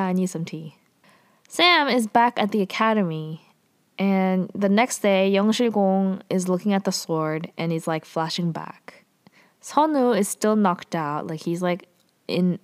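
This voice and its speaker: A woman casually recapping a drama episode, chatty and full of fillers, with lively quoting. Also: mid-range voice, clean tone.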